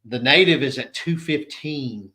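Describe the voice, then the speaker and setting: A middle-aged man runs through a rules briefing for anglers in a relaxed, conversational way. His voice sits at an average pitch with a bright, forceful edge. He sounds instructive and plain-spoken, like a tournament director going over the do's and don'ts. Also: unhurried.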